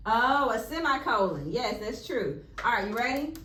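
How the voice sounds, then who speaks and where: A woman teacher with a fairly high voice leads a one-on-one classroom lesson. She asks patient questions and leans into words with playful emphasis. The sound is echoey, with a faint hum of the room behind her. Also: big pitch swings, moderate pace, a bit bright.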